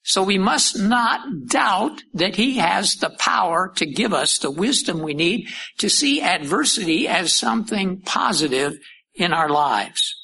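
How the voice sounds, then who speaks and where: A man preaching a sermon, teaching deliberately from the Bible and asking rhetorical questions. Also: high-pitched, expressive, vocal fry, sharp tone, breathy edge, poor audio.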